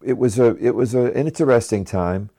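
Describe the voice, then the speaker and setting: A man's voice: medium pitch, brisk, warm tone. A man, a musician guest on a radio show, casually telling stories from touring, chatty and laughing often. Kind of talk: casual anecdotal storytelling.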